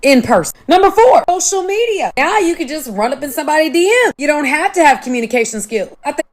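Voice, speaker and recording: A woman talking casually to her viewers in a lively, rhetorical way, listing her points. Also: high-pitched, fast talker. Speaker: online video commentator. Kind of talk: casual video talk to viewers.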